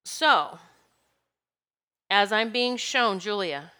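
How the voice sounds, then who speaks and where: Bright-voiced woman giving a rambling spiritual talk. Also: medium pitch, moderate pace. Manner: rambling, searching for words, laughs between thoughts. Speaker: spiritual speaker.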